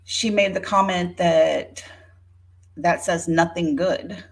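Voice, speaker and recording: A woman's voice: on the low side, steady tone, slow pace. A woman in her fifties giving an indignant, sarcastic rebuttal on her vlog, speaking straight to a rival by name. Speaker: YouTuber. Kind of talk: rebuttal vlog talking to viewers.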